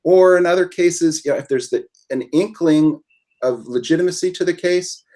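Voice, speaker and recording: A man speaking as an attorney guest on a webinar, measured and explaining legal outcomes step by step. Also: fairly high pitch, dark tone.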